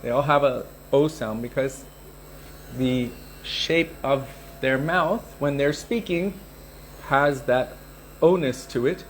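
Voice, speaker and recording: A man teaches a scripture class in an unhurried, explaining manner, his voice at an ordinary middle pitch. A faint hiss lies under the recording. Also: rough recording.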